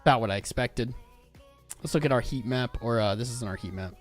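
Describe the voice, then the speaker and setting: A man's voice: medium pitch, a little fast, soft background music. A man hosting a live crypto trading stream, chatting casually and reading out viewer comments as he goes through charts. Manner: upbeat, chatty, reads viewer comments aloud. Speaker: crypto livestream host.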